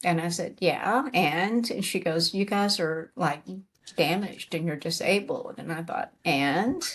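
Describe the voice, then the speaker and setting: A woman's voice: lowish voice, a little slow, breathy edge. A middle-aged woman, a retired army sergeant major, telling a story in an interview and acting out the dialogue.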